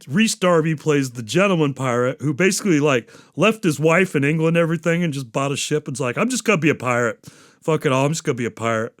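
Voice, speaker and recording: A man's voice: medium pitch, no room sound. Profane rambling man on a dry mic. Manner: profane, tangent-prone, chuckling. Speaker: podcast host. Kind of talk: casual rambling chat.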